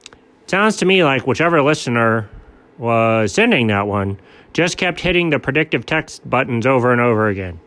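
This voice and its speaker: Man, host, casual comedic chat, slightly higher voice, lively.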